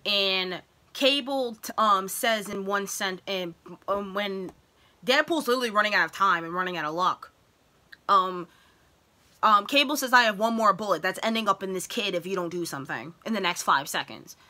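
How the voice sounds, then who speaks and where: Young woman vlogger, bright and sharp tone, chatty, filler-heavy, spikes high when excited. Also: moderate pace. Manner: excited retelling with many fillers, voice jumps high when worked up. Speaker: vlogger reviewing a film. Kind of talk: casual chat.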